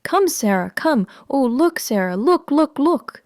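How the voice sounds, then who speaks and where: A woman voicing an excited little girl in a storybook reading, calling out in a breathless, high-pitched way. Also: moderate pace, no room sound, clean studio sound, natural voice.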